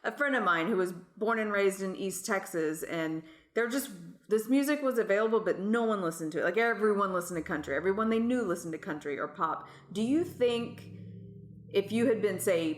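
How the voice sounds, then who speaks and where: An American woman co-hosting a podcast in casual chat, chatty and quick to laugh. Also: mid-range voice, animated, roomy sound. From United States. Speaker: podcast co-host.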